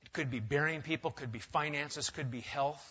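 A man preaching a sermon, emphatic, swinging from loud stressed words to quiet asides. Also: a little high, normal speed, husky. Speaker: pastor. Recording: dull lo-fi sound.

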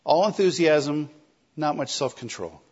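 A man preaching a sermon in a conversational, animated way, acting out quoted lines. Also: a little high, unhurried, muffled recording.

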